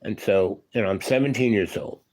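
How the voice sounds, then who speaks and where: An older man in his seventies, once a union electrician, tells a story in a relaxed, wandering way. His voice sits fairly low, and he keeps circling back with "you know" and "right?". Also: a little fast. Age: 70s. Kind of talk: casual spoken storytelling.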